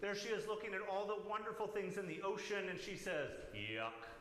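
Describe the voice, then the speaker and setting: A man leading a worship service, reading a picture book aloud to children in an animated storytelling manner. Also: sits high, quick pace, background noise. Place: church sanctuary. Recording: roomy church echo.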